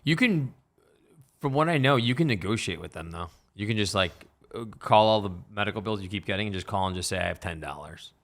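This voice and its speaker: A man on a comedy podcast, quick and chatty, who keeps asking the others questions. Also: on the low side, fairly bright tone. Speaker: comedian guest. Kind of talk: casual comedy podcast chat.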